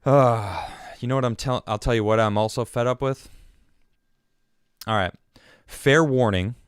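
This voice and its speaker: A man hosting his own political podcast, ranting in an exasperated, animated way and often restarting his sentences. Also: medium pitch, unhurried, smooth, no room sound, clean studio sound. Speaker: podcast host.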